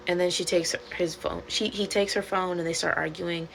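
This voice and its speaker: A woman casually retelling a webtoon plot to her viewers, animated and swearing freely, acting out the characters' lines. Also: fairly low pitch, moderate pace, creaky, few pauses, slight background noise, poor audio. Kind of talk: casual storytime rant.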